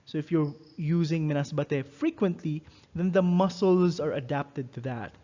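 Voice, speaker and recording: A man with a slightly high voice gives a recorded lesson, explaining each point patiently and repeating words slowly so learners can follow. The recording sounds dull and lo-fi. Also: dark tone. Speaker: French teacher.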